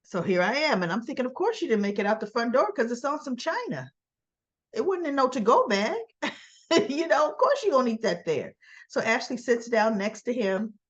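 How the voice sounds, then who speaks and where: A woman's voice: on the high side, sing-song, moderate pace, muffled recording. A woman host recapping a soap opera in a chatty, opinionated storytelling manner. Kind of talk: casual recap narration.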